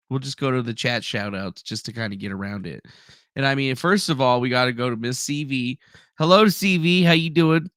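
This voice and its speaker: A man with a mid-range, slightly bright voice hosts a live stream, rambling loosely, swearing and reading viewers' names out of the chat. The studio sound is clean, with no echo.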